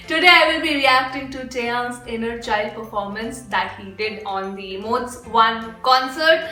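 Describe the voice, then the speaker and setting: A young woman from India hosting a K-pop reaction video, gushing and excitable, repeating herself and bursting into squeals. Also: fairly high pitch, a little slow, hardly any pauses, reverberant, soft background music.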